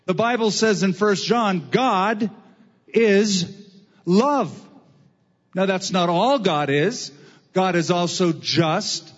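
A man preaching a sermon as pastor, slow and emphatic with drawn-out phrases. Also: high voice, in a large hall, muffled recording.

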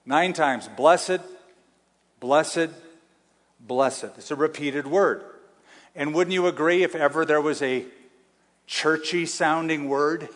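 A pastor delivers an emphatic sermon, his fairly high male voice drawing out key phrases and calling on the congregation to answer. The sound rings with the long reverb of a large church hall. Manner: emphatic preaching, slows for stress, asks congregation to answer.

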